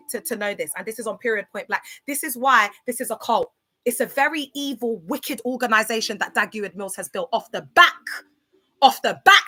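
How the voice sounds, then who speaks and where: A woman talks bluntly on a casual livestream. Her voice sits fairly high and sounds bright and forceful. She repeats herself a lot and keeps calling out to viewers by name.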